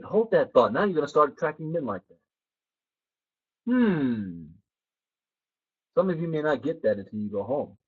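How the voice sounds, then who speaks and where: A man's voice: a little high, moderate pace, long pauses, husky, lo-fi sound. A man giving a motivational training talk, who tells stories and acts out the people in them. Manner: animated storyteller who acts out quoted people. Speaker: personal development trainer.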